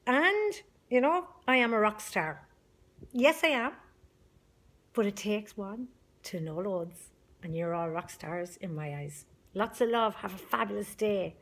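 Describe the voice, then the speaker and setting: A woman's voice: medium pitch, normal speed. A middle-aged woman leading a support group, talking in an emphatic, chatty motivational video message.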